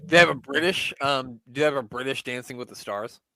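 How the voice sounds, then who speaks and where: A man's voice: medium pitch, a little fast, pushed and bright, no echo. A man co-hosting a podcast, chatting casually and joking while commenting on an old wrestling show. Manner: jokey, playful, laughs often. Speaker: podcast co-host.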